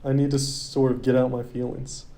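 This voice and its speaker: A man's voice: little pitch movement, moderate pace, dark tone, natural voice. A man reading the lines of a classy young woman in his normal voice, with no attempt at a female voice. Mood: uncertain. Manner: read in his own voice, no falsetto.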